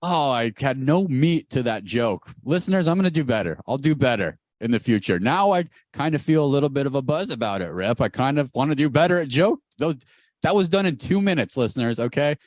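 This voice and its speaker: A man co-hosting a podcast over a video call, telling stories in a rapid, animated way with big jumps in pitch. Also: no room sound, studio quality. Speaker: podcast co-host. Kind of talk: casual podcast chat. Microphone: recorded over a video call.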